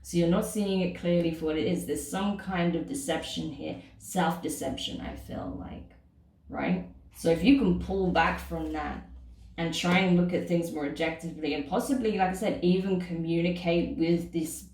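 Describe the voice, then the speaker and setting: A woman's voice: on the low side, steady tone, moderate pace, a little mellow, far from the mic. A woman giving a casual tarot reading, chatting to the listener and often checking in with "okay?" and "right?". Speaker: tarot reader. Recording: echoey room, voice off-mic.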